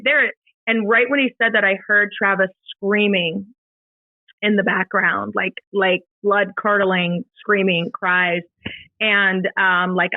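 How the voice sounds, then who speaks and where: A middle-aged woman speaks as a podcast guest, recounting a painful memory in halting, emotional bursts full of fillers and restarts. Her voice sits at a middle pitch and comes through a narrow, phone-like band with no room echo at all. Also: level tone. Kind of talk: personal storytelling in an interview. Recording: dry, tinny phone-like sound.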